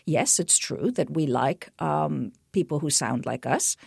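A middle-aged woman with a slightly low voice explains her research as a radio guest. She talks in an animated way, often restarting her sentences. The sound is dry and close, with no room echo. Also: unhurried, gravelly, husky. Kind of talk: radio interview answers.

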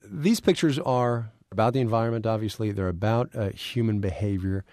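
A man hosting a radio interview, asking relaxed, conversational questions with a few hesitations. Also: on the low side, brisk, no echo, clean studio sound. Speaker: radio show host. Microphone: studio mic.

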